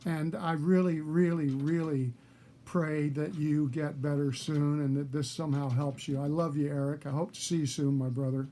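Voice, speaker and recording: A man from Texas telling a crude joke to a friend in a relaxed, casual way, swearing freely. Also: a little high, normal speed, slight background noise. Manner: relaxed, swearing, warm-hearted storyteller. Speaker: guest actor.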